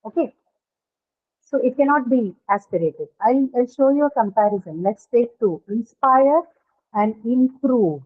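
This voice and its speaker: A woman's voice: fairly high pitch, animated, a little slow. A woman teaching phonetics in an online class, explaining step by step and quizzing her students. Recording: tinny phone-like call audio.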